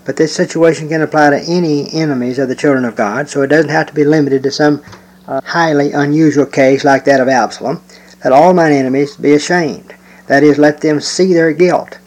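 A man teaching a Bible lesson, explaining verses in a measured way with occasional hesitant fillers and reading scripture aloud slowly. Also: fairly high pitch, fairly even intonation, poor audio.

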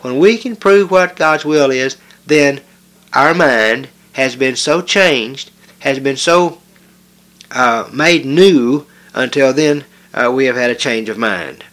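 A man's voice: mid-range voice, slow, fairly bright tone. A man preaching a sermon, emphatic and repetitive, with frequent hesitations and restarts. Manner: emphatic, repetitive preaching with rising stress on key words.

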